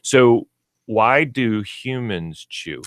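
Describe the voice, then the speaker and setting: A man's voice: mid-range voice, animated, extremely slow, fairly bright tone, no echo. A middle-aged man with a Midwestern American accent, a pet store owner chatting and explaining on a radio show. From Minnesota, US Midwest. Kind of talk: casual radio chat.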